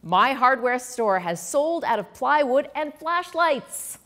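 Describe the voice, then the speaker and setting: A woman's voice: high-pitched, sing-song, slow, fairly bright tone, pitched above the performer's own voice, full character voice. A woman voicing a friendly male frog hardware shopkeeper in a storybook, calling out to a neighbor.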